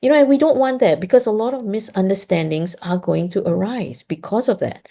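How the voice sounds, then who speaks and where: A woman's voice: medium pitch, fairly quick, vocal fry, warm tone. A woman presenting a webinar on supporting children, explaining step by step and often checking in with "okay?". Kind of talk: webinar talk.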